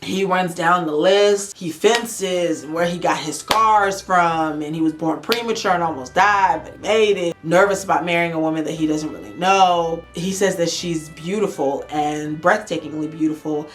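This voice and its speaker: Lady host, low voice, slangy playful recap chat. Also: normal speed, few pauses, soft background music. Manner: chatty, slangy and playful, acting out the quotes. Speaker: reaction channel host. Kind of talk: casual show recap.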